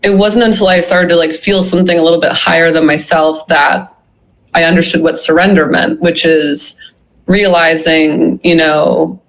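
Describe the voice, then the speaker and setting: A woman's voice: fairly low pitch, fairly even intonation, normal speed, low-quality recording. A woman being interviewed about her memoir, telling a personal story in a reflective way, full of "you know" and "like". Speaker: guest, memoir author.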